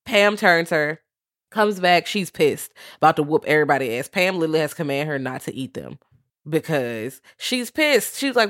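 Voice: mid-range voice, sing-song, normal speed, a bit bright, dry recording, studio quality. A podcast co-host recapping plot points casually, bluntly, with heavy swearing. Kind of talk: casual chat.

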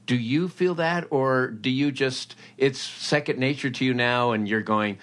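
A man hosting an interview, asking relaxed, curious questions. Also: medium pitch, a little slow. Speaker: interview host. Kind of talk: casual interview chat.

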